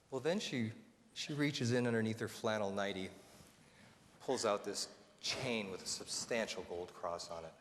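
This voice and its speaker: A man's voice: on the low side, moderate pace, a bit bright. A North American man giving a self-mocking, humorous storytelling speech as a motivational speaker. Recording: reverberant hall, faint noise.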